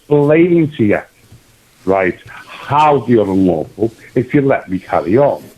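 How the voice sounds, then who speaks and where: A man's voice: medium pitch, sing-song, measured pace, warm tone, dull audio. A man calling a radio phone-in, argumentative and insistent about his point. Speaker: caller.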